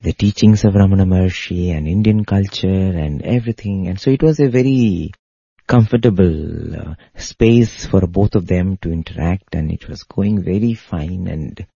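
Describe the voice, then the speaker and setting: Gravelly dark-voiced man telling a devotional story. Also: normal speed, no echo. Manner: earnest, rises in pitch when quoting others. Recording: dull lo-fi dry recording.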